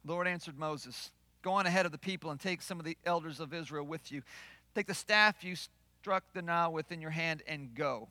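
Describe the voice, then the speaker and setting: A man preaches a sermon in a slightly high, animated, brisk voice, with no room sound. As a pastor, he swings from loud declarations to hushed asides and acts out the voices he quotes.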